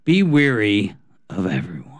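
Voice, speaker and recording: Animated, ranting male podcast host. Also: lowish voice, normal speed, no echo. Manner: ranting, exasperated. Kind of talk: casual comedic banter.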